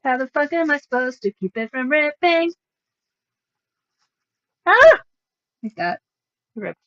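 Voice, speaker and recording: A woman's voice: sits high, lively intonation, moderate pace, a bit bright, highs cut off. A woman livestreamer chatting casually, rambling with sarcastic, self-mocking asides.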